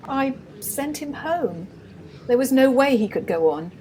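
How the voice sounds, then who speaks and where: A woman's voice: high voice, expressive, measured pace, a little mellow, slight background noise, low-quality recording. An amateur actress playing a timid young female assistant stage manager, hesitant and apologetic. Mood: anxious.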